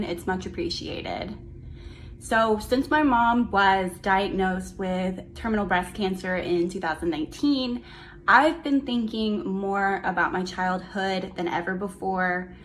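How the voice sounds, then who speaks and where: A young woman giving a memorial tribute to her mother, fond and reminiscing with gentle humor. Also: medium pitch, slight background noise, rough recording.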